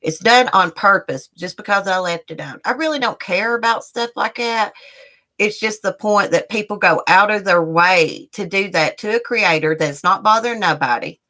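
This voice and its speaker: A woman's voice: medium pitch, normal speed, bright, forceful tone. A middle-aged woman on a live stream, ranting angrily at her viewers with heated, profane talk. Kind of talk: angry live-stream rant.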